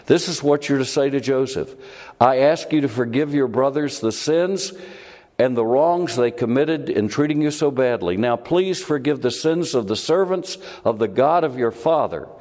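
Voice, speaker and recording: Animated male preacher in a reverberant hall. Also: mid-range voice. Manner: animated, rhetorical questions, shifting loudness. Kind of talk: expository sermon.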